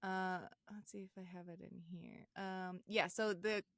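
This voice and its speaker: A woman co-hosting a podcast, chatting casually about a cartoon episode, giggling often and quoting lines in quick voices. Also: mid-range voice, flat delivery, a bit bright, no room sound, studio quality. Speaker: podcast co-host.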